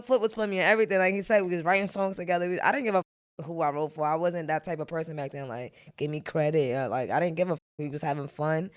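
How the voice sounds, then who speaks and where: A woman's voice: low voice, quick pace. A woman from Queens, a podcast guest telling stories of her early rap days in blunt, laid-back street slang. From Queens, New York. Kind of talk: casual storytelling interview.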